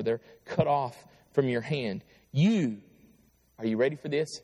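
A male pastor preaching a sermon, reading scripture aloud with pleading intensity that swells and then falls quiet. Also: medium pitch, measured pace, slightly rough, big-room sound. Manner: impassioned, rising to pleading cries then dropping quiet.

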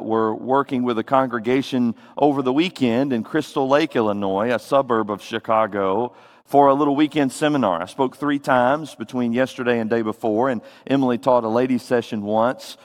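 A man from Tennessee with a Southern accent, preaching a sermon with folksy, animated storytelling. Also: mid-range voice, in a large hall.

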